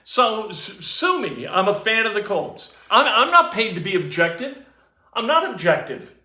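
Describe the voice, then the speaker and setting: A man's voice: high-pitched, big pitch swings, moderate pace, sharp tone, roomy sound. A man co-hosting a sports talk show, blunt and opinionated in casual chat.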